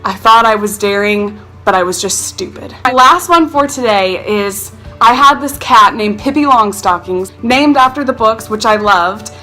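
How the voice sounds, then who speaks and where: Bright, animated young woman storyteller. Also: medium pitch, moderate pace, hardly any pauses, faint music behind. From North Carolina. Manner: animated, self-mocking, acts out quotes. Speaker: vlogger. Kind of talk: casual storytelling to camera.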